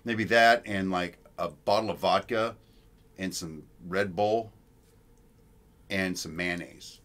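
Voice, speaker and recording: A man's voice: deep voice, slow pace, fairly bright tone. A middle-aged man co-hosting a casual live stream with his wife, cracking puns and playful jokes. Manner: joking, punning, playful. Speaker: co-host, husband.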